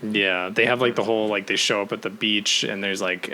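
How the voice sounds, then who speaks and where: A young man co-hosting a casual podcast, animated, laughing often and acting out quotes. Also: fairly low pitch, a little fast, a little hiss or hum. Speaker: podcast co-host. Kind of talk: casual chat.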